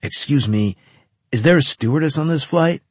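A man voicing Carlos, a joking, complaining male marine buddy who talks loud. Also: mid-range voice, lively intonation, unhurried, husky, dry recording.

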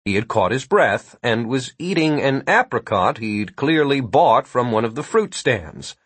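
A man's voice: medium pitch, big pitch swings, unhurried, husky, no room sound. A man narrating an audiobook in a wry storytelling manner, read on a close, dry mic.

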